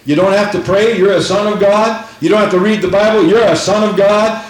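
A man's voice: high-pitched, steady tone, brisk. A man preaching a sermon with fervent emphasis, repeating phrases and reading scripture aloud. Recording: echoey room.

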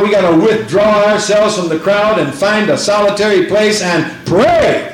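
A high-voiced man preaching a sermon with fervent, repeated phrases and scripture read aloud. His voice rings out in an echoey church room.

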